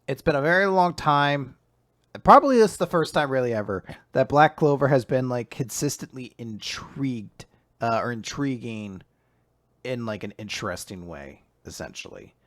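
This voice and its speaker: A man co-hosting a podcast, recapping manga in casual, animated chat and laughing often. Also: mid-range voice, moderate pace, no room sound, studio quality. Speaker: podcast co-host.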